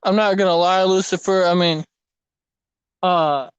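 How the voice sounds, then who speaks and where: Young man with a high, smooth voice. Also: measured pace, no echo, poor audio. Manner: profane, rambling, animated storytelling. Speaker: fishing vlogger. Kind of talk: casual storytelling while fishing. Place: outdoors at a lake.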